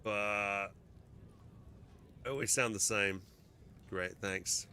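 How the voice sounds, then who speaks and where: A man's voice: lowish voice, slow, sharp tone, a little hiss or hum. A man streaming a game, chatting casually and thinking aloud, his voice sounding strained. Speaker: gaming streamer.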